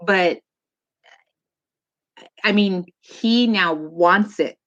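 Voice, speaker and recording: A woman in her forties, a mother talking as a guest in a casual interview, telling family stories in an animated way with laughs. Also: on the low side, drawn-out words, muffled recording. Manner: warm, animated storytelling with laughs.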